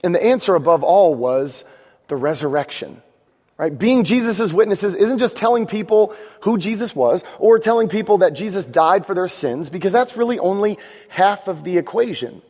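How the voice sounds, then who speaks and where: A man's voice: sits high, expressive, normal speed, darkish tone, in a large hall. A man preaching a sermon to a congregation, conversational and joking, asking the room for amens. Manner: conversational preaching with jokes and audience prompts. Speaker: pastor.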